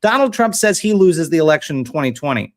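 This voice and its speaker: Guy hosting a politics show, high voice that bounces around a lot, quick newsy delivery. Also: sing-song. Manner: brisk newsy delivery, teasing questions. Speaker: host.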